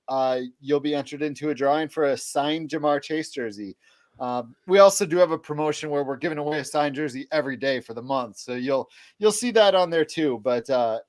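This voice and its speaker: A man speaks as a guest on a live sports show, laughing easily and talking with plenty of fillers. His voice is a bit higher than most men's and sounds dry and close. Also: dry recording. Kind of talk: casual live Q&A chat.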